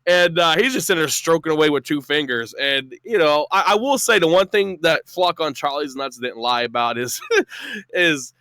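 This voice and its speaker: A man talks as a guest on a casual call-in show, rambling through a story with plenty of swearing and laughter. His voice sits fairly high and sounds bright. The recording is dry. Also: lively intonation, moderate pace, no echo.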